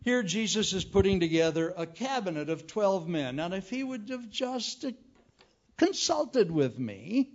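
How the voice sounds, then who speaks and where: A man preaching a humorous sermon as an evangelist, telling folksy stories with jokes. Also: high voice. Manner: folksy, joking, animated storytelling. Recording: dull lo-fi recording.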